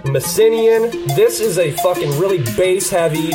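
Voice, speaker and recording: A man's voice: high voice, lively intonation, normal speed. A man hosting a casual podcast, introducing songs in a loose, profane, hyped-up way. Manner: loose and profane, hyping up music. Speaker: podcast host.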